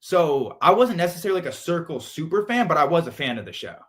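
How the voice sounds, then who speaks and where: A young man from San Diego, a guest in a casual interview, telling stories with lively acted-out quotes. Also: quick pace. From San Diego, California. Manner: animated, acts out quotes with big jumps in pitch and volume. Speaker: interview guest, reality show contestant.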